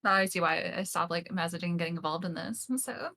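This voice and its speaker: A woman talking quietly and casually in a stream, heard faintly from further away than the host. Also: fairly low pitch, fast talker, creaky. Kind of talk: casual chat.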